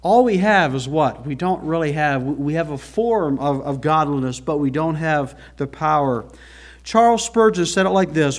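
A man's voice: a little high, normal speed. A male pastor preaching a sermon to a church congregation, earnest and folksy, with rhetorical questions.

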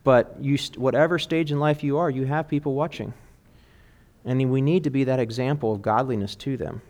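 A man's voice: mid-range voice, fairly quick, a little mellow. A middle-aged man preaching an earnest sermon to fathers, speaking with emphatic conviction. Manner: earnest, emphatic preaching, quoting song lyrics.

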